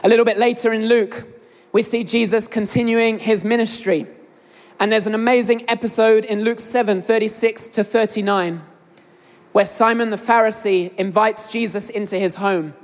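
A woman's voice: fairly high pitch, steady tone, moderate pace. A young woman with an English accent preaching a sermon, earnestly addressing the congregation directly. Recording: long hall reverb.

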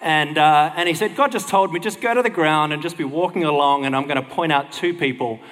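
A man telling a lively personal story in a casual way, acting out the people in it. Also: a little high, a little fast, long reverb tail. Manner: animated, acts out the people in his story.

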